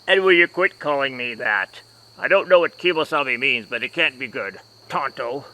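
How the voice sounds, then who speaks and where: A man's voice: medium pitch, lively intonation, moderate pace, bright, forceful tone, rough recording. A man playing a fussy, easily flustered masked lawman in a homemade comedy sketch, talking in an exasperated, scolding way.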